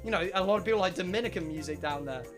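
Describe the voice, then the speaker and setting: A man's voice: sits high, racing, music in the background, pitched below the performer's own voice, lightly acted. A young man voicing a laid-back male rideshare driver who talks in a drawling, matter-of-fact way. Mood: doubtful.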